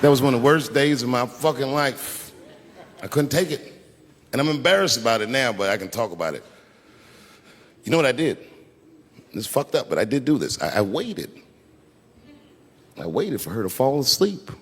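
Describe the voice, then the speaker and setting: A middle-aged man telling stand-up stories on stage, animated, swinging between hushed asides and shouted punchlines. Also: mid-range voice, moderate pace, pauses often. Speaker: stand-up comedian. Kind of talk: stand-up comedy storytelling. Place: large live venue with audience. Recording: live hall with crowd noise.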